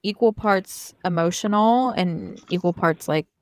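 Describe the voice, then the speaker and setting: A woman's voice: mid-range voice, measured pace, dry recording. A woman guest on a podcast, chatting casually and reacting in short bursts. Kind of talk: casual chat.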